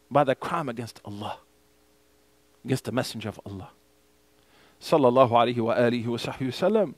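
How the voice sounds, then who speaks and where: A man's voice: mid-range voice, dry recording. A man teaching a mosque class as imam. He explains a hadith text in English and recites the Arabic passages.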